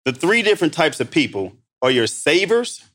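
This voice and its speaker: A man from Missouri telling stories in a casual podcast chat, emphatic and animated, acting out the dialogue. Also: fairly high pitch, moderate pace. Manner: animated, emphatic storyteller who acts out dialogue. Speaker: guest entrepreneur.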